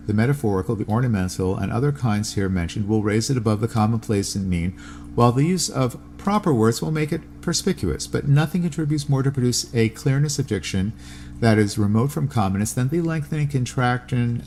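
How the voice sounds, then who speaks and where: A man's voice: fairly low pitch, darkish tone, a little hiss or hum. A man hosting a podcast, reading aloud from a classical text with plain asides and spelling out Greek words letter by letter. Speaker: podcast host.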